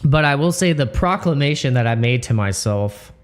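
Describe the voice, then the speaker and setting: A man of middle pitch hosts a casual livestream, and his voice is choked up and tearful. He stumbles through restarts and fillers as emotion catches him. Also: expressive, normal speed. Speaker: crypto livestream host.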